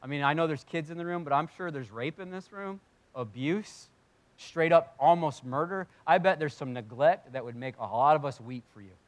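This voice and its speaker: A man's voice: a little high, normal speed. Earnest conversational preacher man. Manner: earnest, conversational, swings from loud emphasis to hushed. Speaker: pastor. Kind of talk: sermon. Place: church hall with audience.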